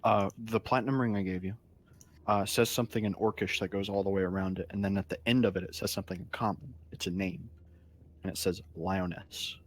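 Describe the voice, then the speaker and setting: A man playing in a tabletop game, describing his character's actions in a halting way with fillers. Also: sits low, steady tone. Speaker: player.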